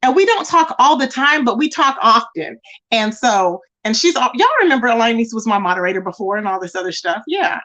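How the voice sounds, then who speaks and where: Gossiping casually with her chat, a woman hosting a live stream talks a little fast in a high voice that swings widely in pitch. She's mocking and animated, constantly calling out to her viewers.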